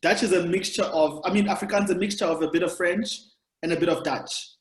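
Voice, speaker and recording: A South African comedian hosting a podcast chats casually and rambles through long explanations of history. He talks fast with a voice that sits high, and the recording has a roomy echo.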